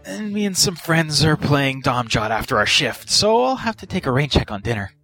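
A man's voice: fairly high pitch, sing-song, normal speed, fairly bright tone, faint music behind, pitched above the performer's own voice, full character voice. A man voicing a breezy, aloof woman officer. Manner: teasing, dismissive.

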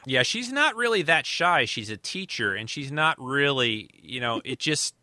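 Man, podcast host, very bright tense voice, dry close sound, rambling casual talk. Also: medium pitch, very animated, moderate pace, no room sound. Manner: rambling, with many restarts.

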